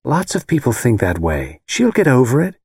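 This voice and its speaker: Soft, dreamy young heiress in a storybook reading, a male narrator lifting his voice; lilting and expressive. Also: medium pitch, normal speed, gravelly, husky, no room sound, studio quality, voice pushed up, full character voice. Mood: calm. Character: gentle young rich American wife.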